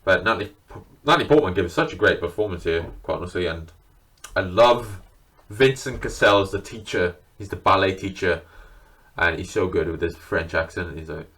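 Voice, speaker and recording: Showing his film collection on video, the creator speaks at normal speed in a deep, fairly bright voice. The chat is casual, unscripted and enthusiastic, with swearing sprinkled freely throughout.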